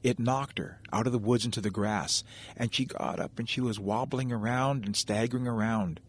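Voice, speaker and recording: Husky-voiced male storyteller. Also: medium pitch, normal speed. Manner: gentle, conversational, addresses listeners directly. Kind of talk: oral folk storytelling.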